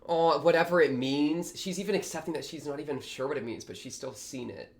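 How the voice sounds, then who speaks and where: A young man hosting a reaction video, talking casually and excitably with a lot of slang as he reacts to what he watches. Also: fairly high pitch, brisk, creaky. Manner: excitable, slangy, thinks aloud.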